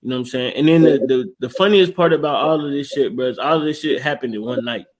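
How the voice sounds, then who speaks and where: A man's voice: mid-range voice, fast talker. A man co-hosting a casual movie podcast, animatedly retelling scenes with slangy, laughing storytelling. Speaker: podcast co-host. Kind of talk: casual movie recap chat.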